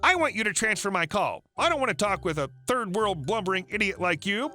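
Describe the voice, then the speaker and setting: A man's voice: high-pitched, sing-song, fairly quick, pushed and bright, soft background music, exaggerated voice. A man voicing a rude, entitled woman caller who insults and demands. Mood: angry.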